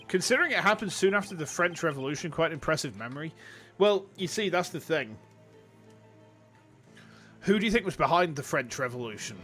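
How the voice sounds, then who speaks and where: A man with a Yorkshire accent chatting casually with viewers on a livestream, jokey and quick to laugh. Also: a little high, lively intonation, bright, forceful tone, faint music behind. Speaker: streamer.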